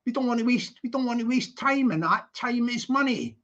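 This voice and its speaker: A woman's voice: fairly high pitch, expressive, brisk, fairly bright tone, muffled recording. A woman putting on an impatient film director, barking orders at a nervous actor. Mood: scolding. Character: bossy shouting film director.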